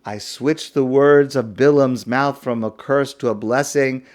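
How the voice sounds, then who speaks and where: A man voicing God, calm and firm. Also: mid-range voice, lightly acted. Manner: quiet, firm, measured.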